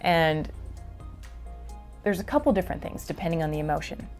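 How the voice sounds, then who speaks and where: A woman's voice: sits low, animated, brisk, darkish tone, faint music behind. A woman from Canada, a guest being interviewed, explaining casually and animatedly, often laughing and acting out her own reactions. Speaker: guest emotions teacher.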